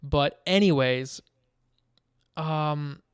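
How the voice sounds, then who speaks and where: A man's voice: a little high, drawn-out words, smooth, no echo, studio quality. A man co-hosting a casual gaming podcast, telling stories animatedly and laughing as he goes. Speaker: podcast co-host. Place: home.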